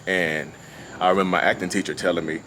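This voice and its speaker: Low-voiced man rambling outdoors by traffic. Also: steady tone, fast, pushed and bright. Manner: rambling and repetitive, with constant "you know what I mean". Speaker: vlogger discussing his own narcissism. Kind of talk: casual unscripted monologue. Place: outdoors at a beach. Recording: outdoor ambience with passing traffic.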